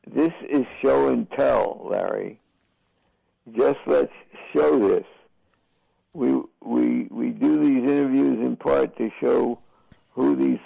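Older male broadcaster in an interview, deep gravelly rasp, unhurried and halting, on a dull lo-fi recording. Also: dark tone, dry recording. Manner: slow, halting storytelling with many fillers. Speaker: boxing broadcaster. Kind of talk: reflective interview answers.

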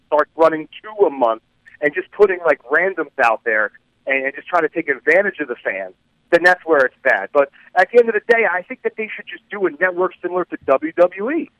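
A man's voice: fairly high pitch, expressive, brisk, a bit bright, dry recording, muffled recording. A man co-hosting a sports talk radio show, speaking in an easygoing, conversational way as he weighs things out. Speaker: radio co-host.

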